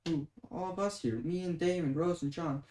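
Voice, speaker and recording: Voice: mid-range voice, normal speed, dark tone, lightly acted. A reader voicing a guilty but determined young woman, speaking in an urgent, coaxing and apologetic way. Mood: urging. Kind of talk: dramatic reading of a webcomic. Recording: roomy echoing room.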